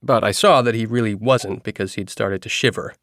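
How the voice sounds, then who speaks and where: Man reading an audiobook, lowish voice, steady first person telling, dry close sound. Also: a little fast, dry recording. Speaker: narrator. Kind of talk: audiobook narration.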